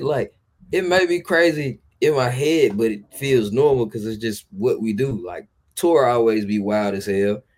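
A man's voice: medium pitch, a little slow, a little mellow. A man chatting as a podcast guest, telling loose, profane stories in a laid-back way. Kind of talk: casual storytelling chat.

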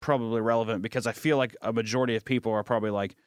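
Animated storytelling man, dry sound. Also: medium pitch, very fast, clear, resonant tone, no echo. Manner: animated storyteller, acts out quotes. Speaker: animator, podcast co-host. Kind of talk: casual comedy banter.

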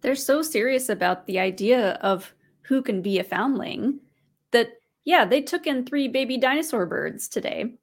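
A woman's voice: on the high side, lively intonation, moderate pace. A woman co-hosting a live stream, chatting casually and thinking aloud with light laughs. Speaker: podcast co-host.

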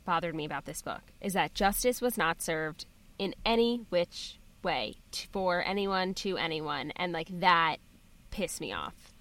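A woman's voice: fairly low pitch, lively intonation, unhurried, fairly bright tone. A woman co-hosting a casual book club podcast, frank and outspoken. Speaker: podcast co-host.

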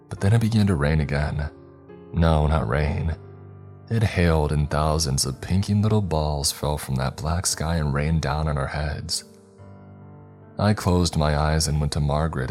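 A man reads a scary story aloud in a measured, somber way. His voice is extremely deep, and faint music plays beneath the narration. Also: a little mellow. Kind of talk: scripted narration.

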